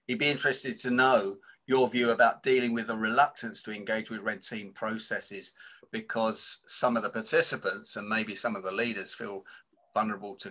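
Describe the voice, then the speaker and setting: एक आदमी, धीमे सुर और चमकीली आवाज़ में, रुक-रुककर किसी श्रोता का सवाल वक्ता तक पहुँचाता है।. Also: male voice, lowish voice, sharp tone. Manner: hesitant, with fillers. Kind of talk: reading out a question.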